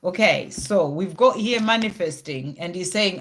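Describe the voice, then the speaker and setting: Live tarot reader, middle-pitched, reassuring, chatty fillers, thinks aloud between cards. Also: normal speed, few pauses, a bit bright. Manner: reassuring, talks straight to the viewer with many "you know" fillers. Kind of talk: live card reading with viewers.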